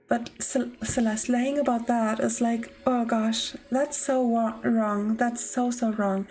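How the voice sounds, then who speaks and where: A woman's voice: a little high, steady tone, slow pace, few pauses, darkish tone, rough recording. A young woman streaming a game, talking casually and emotionally, swearing as she reacts. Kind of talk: casual gameplay commentary.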